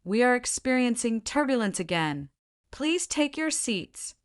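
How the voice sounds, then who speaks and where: A woman reading the lines of a calm male airline captain making intercom announcements, slow and formal, in a graded reader story. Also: fairly high pitch.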